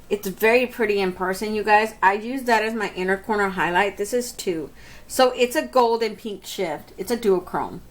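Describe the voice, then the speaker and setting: A beauty vlogger with a slightly high, fairly bright voice reviews makeup casually to camera. She's chatty, keeps addressing viewers as "you guys," and often laughs at herself.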